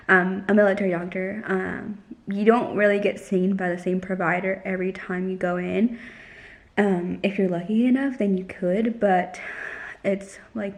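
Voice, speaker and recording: A young woman vlogging casually, telling a story in a chatty way with lots of "like" and acting out the lines of others. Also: mid-range voice. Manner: chatty, heavy use of "like", retells dialogue.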